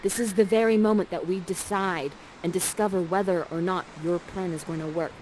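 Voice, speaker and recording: A woman's voice: on the low side, fairly even intonation, brisk, darkish tone, a little hiss or hum, low-quality recording. A woman playfully narrating and directing players through a live play, coaxing and jokey, on a headset mic. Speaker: immersive theater performer guiding players.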